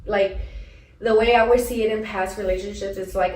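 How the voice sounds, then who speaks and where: A woman co-hosting a podcast in casual chat, an animated storyteller who laughs often. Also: medium pitch, normal speed. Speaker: podcast co-host. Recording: roomy and distant from the mic.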